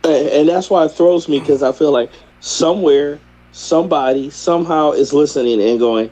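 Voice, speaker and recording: A man's voice: on the high side, normal speed, dark tone, poor audio. A man co-hosting a casual movie review podcast, talking earnestly and thoughtfully. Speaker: podcast co-host.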